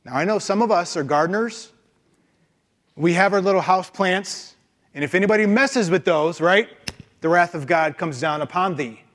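Animated preacher with a high voice. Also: male voice, moderate pace. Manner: animated, emphatic, rhetorical questions. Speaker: pastor. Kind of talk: sermon.

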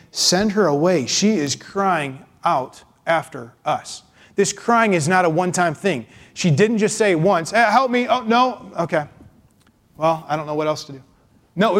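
Male pastor, sermon delivery, emphatic and expressive, slightly raised pitch. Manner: emphatic, expressive, acts out voices.

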